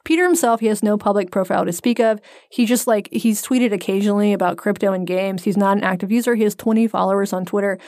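Woman co-host, wry storyteller, mid pitch, dry close mic. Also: fairly even intonation, fast talker, few pauses, darkish tone, no room sound. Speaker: podcast co-host. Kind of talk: casual chat.

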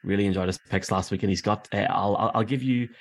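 A man hosting a casual sports podcast, upbeat and running the segments. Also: lowish voice. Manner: rapid and upbeat, runs segments. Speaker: podcast host.

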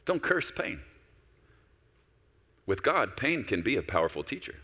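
Pastor preaching a sermon, man, low voice with bright edge, long church-hall echo. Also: measured pace, breathy edge. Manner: animated preaching, with quoted voices of God and himself.

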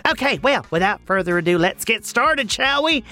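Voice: lively intonation, normal speed, pushed and bright. A performer playing an overexcited, goofy host of a cartoon math show. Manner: bubbly, goofy, swinging wildly up and down in pitch. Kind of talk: cartoon voice acting.

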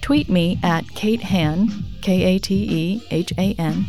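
A woman hosting a self-help podcast, talking in a gentle, reassuring, conversational way. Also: lowish voice, slow pace, faint music behind. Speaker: podcast host.

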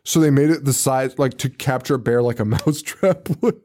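A man's voice: mid-range voice, moderate pace. A man co-hosting a podcast, chatting casually about a horror movie, swearing a lot and laughing often. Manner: profane, animated, laughs often. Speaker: podcast co-host. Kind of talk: casual movie review chat.

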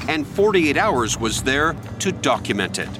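A man giving measured, dramatic scripted narration for a crime documentary. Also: medium pitch, big pitch swings. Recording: music bed under the voice.

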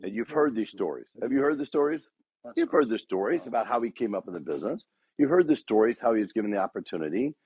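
A man's voice: lowish voice, lively intonation, fast talker, a little mellow, breathy edge, dry recording, highs cut off. A man giving a motivational talk to a sales team, rousing the room with repeated rhetorical questions. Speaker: speaker addressing a dealership sales team.

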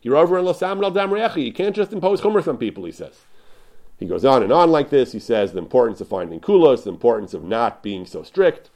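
A man's voice: medium pitch, sing-song, fast, a little mellow. A man giving an informal Torah lecture, animatedly retelling rabbinic rulings with constant restarts and repeated "he says".

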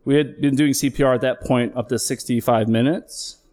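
Speaking in a steady, slightly mellow mid-range voice, a middle-aged man who works as a flight paramedic shares a true personal story onstage. He is open and emotional, swears now and then, and slows his pace for emphasis.

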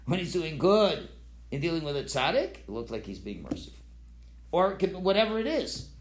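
A man leads an informal Torah philosophy class, his pitch rising and falling a lot as he acts out quoted voices. He restarts sentences often and sounds casual. The room gives his voice a clear echo. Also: sing-song, brisk, a little hiss or hum. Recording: roomy echo.

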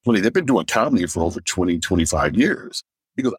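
A stand-up comedian from Michigan telling personal stories in an interview and acting out what other people said. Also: male voice, sits low, quick pace, creaky, slightly rough, no echo. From Michigan, USA. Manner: animated anecdotes, acting out others' lines; deaf in one ear. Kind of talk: storytelling in a podcast interview.

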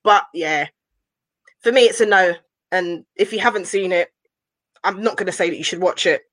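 Animated woman, dry close sound. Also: lowish voice, normal speed, no room sound, rough recording. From West London. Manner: animated, builds to exasperated rhetorical questions. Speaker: podcast co-host reviewing a film. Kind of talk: casual chat.

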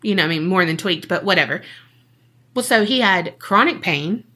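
A woman's voice: on the low side, animated, normal speed, sharp tone. A woman co-hosting a podcast, telling a true-crime case in a casual, jokey way and acting out the people she quotes.

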